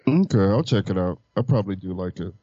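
A man's voice: low-pitched, animated, fast, mellow, no room sound. A man on a casual movie podcast, stubborn and wry in his jabs. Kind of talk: casual chat about movies. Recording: dull lo-fi sound.

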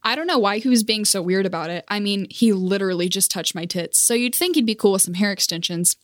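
A young woman recounts an embarrassing trip in a casual vlog monologue, in a voice of everyday pitch. She pokes fun at her own awkwardness and laughs at herself. The recording is close and dry. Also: fast talker, dry recording. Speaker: vlogger.

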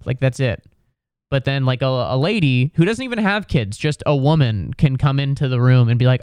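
Rambling, profane young comedian. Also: male voice, medium pitch, expressive, a little fast, smooth, no room sound, studio quality. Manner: rambling, profane, lots of likes and dudes. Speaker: comedian podcast host. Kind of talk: casual solo podcast rant.

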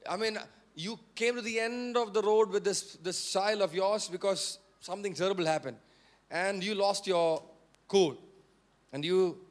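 A male pastor with an Indian English accent preaching a sermon, repeating phrases and prompting the congregation to say words back, rising to forceful emphasis. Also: high-pitched. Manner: repetitive, call-and-response preaching.

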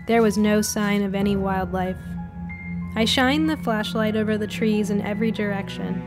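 A woman calmly narrating a first-person spooky story in an even storytelling manner. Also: medium pitch.

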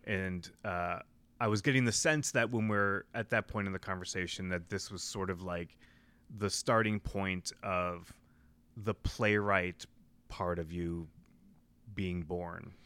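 A male podcast host with a low voice and a bright, forceful tone. He speaks thoughtfully and at a measured rhythm, now and then pausing to search for the right words as he steers the conversation. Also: steady tone, clean tone, no room sound. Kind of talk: casual conversational interview.

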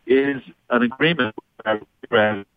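A man's voice: medium pitch, a little slow, no room sound. A man giving his view as a guest in a political interview, with formal, legalistic phrasing. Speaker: guest commentator. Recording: phone-like dry line.

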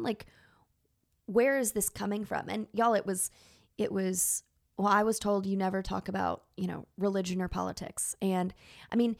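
Earnest gravelly-voiced woman teacher. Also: mid-range voice. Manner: earnest, emotional, animated storytelling with many fillers. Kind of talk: personal storytelling talk.

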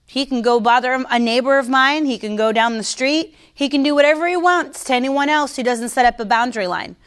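A woman with a fairly high voice gives an informal faith teaching straight to her followers. She talks in a relaxed, conversational way, stresses her points hard, and slips into mockery now and then. She stops for sips of coffee between thoughts. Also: a little fast, clean tone. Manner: conversational, mocking, emphatic; sips coffee while talking. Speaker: Christian teacher. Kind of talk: casual livestream teaching.

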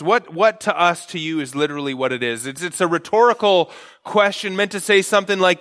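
A male pastor preaching an earnest expository sermon, slowing down to stress key phrases. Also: sits high, a bit bright.

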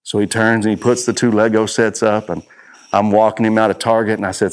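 A man's voice: lowish voice, little pitch movement, brisk. Man, middle-aged, conference speaker, storytelling, emphatic repetition. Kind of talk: conference talk. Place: conference room.

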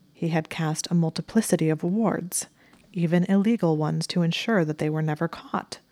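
A woman narrating a fan fiction story as an audiobook, in a steady, measured reading. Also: lowish voice, dry recording. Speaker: reader.

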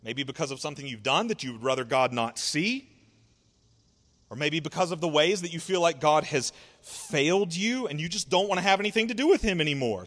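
A man preaching a sermon in an expressive, conversational way, asking rhetorical questions and drawing out words. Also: on the high side, fairly quick, big-room sound. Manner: conversational, sarcastic asides. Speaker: pastor.

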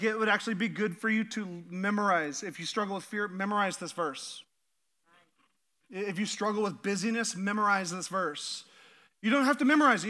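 A man preaching a sermon as pastor, animated and full of "like", leading the congregation in spoken declarations. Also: sits high. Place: church auditorium.

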